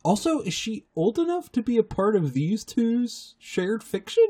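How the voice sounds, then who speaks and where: A man's voice: high voice, sing-song, measured pace, a little mellow, slightly rough. A man co-hosting a podcast, adding dry, wry comments while recapping a cartoon episode. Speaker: podcast co-host.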